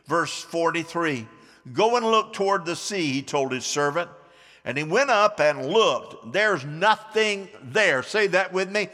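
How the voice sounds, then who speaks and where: Pastor guy preaching, kinda high bright voice, takes his time, lots of say-it-with-me moments. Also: long reverb tail. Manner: preaching with call-and-response, dramatic pitch swings. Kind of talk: sermon. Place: church sanctuary.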